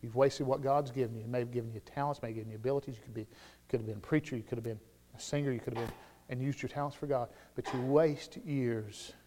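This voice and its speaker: A man with a Southern US accent preaching a sermon, shifting between loud, shouted declarations and quiet, conversational storytelling. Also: medium pitch, fairly even intonation, rapid-fire, a little hiss or hum. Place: church sanctuary. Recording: long reverb of a church hall.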